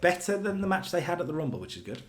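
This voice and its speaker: A man co-hosting a casual chat, recapping wrestling storylines with animated storytelling. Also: high voice. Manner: animated storytelling, does quick character voices in quotes. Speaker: co-host recapping a wrestling sim save.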